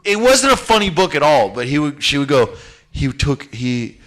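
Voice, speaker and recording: A man casually telling a long profane story on a podcast, animated and blunt. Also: fairly high pitch, moderate pace.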